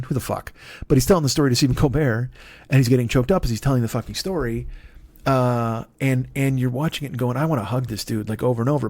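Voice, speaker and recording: A man's voice: mid-range voice, a little mellow, no echo. A man in his fifties hosting a comedy podcast, rambling in a profane, self-deprecating monologue. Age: 50s. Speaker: podcast host.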